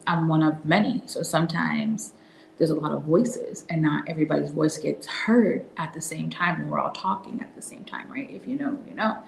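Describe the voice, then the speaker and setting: A woman hosting a casual devotional talk, soft-spoken and reflective, now and then dropping into a whisper. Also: fairly low pitch, roomy sound, slight background noise, rough recording. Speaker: host.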